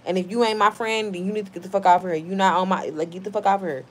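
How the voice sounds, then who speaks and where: A woman's voice: mid-range voice, steady tone, racing. A woman in her thirties hosting a live stream, reading out viewer comments in a blunt, heated, profane way.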